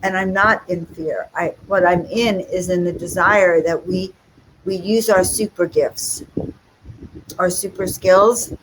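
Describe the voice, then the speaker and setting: A woman's voice: on the low side, fairly even intonation, slow pace. A woman talking casually on a livestream as an intuitive reader and spiritual teacher, chatty and enthusiastic, rambling from one thought to the next. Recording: audible background noise and clicks.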